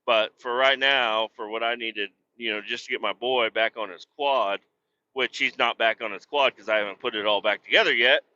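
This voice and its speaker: Bright-voiced, profane man rambling casually. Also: medium pitch, fairly even intonation, moderate pace, muffled recording. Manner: profane, self-deprecating, laughs often. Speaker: podcast host.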